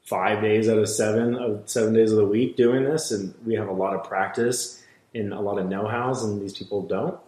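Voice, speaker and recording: A man's voice: lowish voice, steady tone, moderate pace, darkish tone. A man who works as a hunting guide, telling stories bluntly in casual podcast talk, swearing freely and acting out the dialogue. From Washington State, USA. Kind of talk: casual storytelling. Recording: roomy echo.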